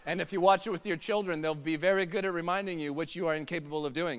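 A man's voice: on the high side, fairly even intonation, quick pace, hardly any pauses, clean tone. A man in his thirties preaching a sermon, mixing humorous family stories with emphatic preaching in a church hall. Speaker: pastor. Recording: long hall reverb.

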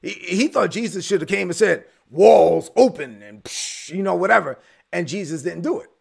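A man's voice: sits high, animated, a little fast, creaky, fairly bright tone, husky. A male pastor preaching a sermon, emphatic and repetitive, building phrases to a punch.

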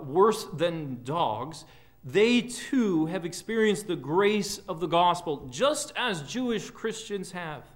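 A man preaching a sermon as a pastor in a church, earnest and often dropping quiet at the ends of phrases. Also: sits high. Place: church sanctuary.

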